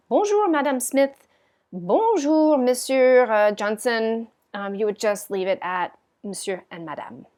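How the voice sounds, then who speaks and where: A woman teaching a French class in a recorded lecture, patiently explaining with frequent ums and modelling the phrases aloud. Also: medium pitch.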